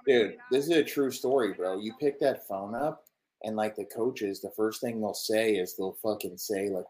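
A young man with a very low voice streams his reactions to football clips. He swears nonstop and talks loosely and casually to his viewers. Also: normal speed, a little mellow, poor audio. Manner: profane, swears constantly. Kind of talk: casual live-stream commentary.

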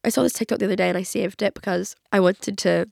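A 21-year-old woman with a cold, chatting in a rambling solo podcast monologue full of "like", her voice croaky. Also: medium pitch, fairly even intonation, fast talker, a little mellow, no room sound, studio quality. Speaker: podcast host. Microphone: podcast microphone.

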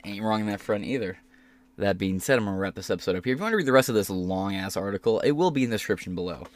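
A man's voice: on the low side, rapid-fire. A male podcast host ranting in casual political commentary, heated and full of swearing. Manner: heated, profane rant.

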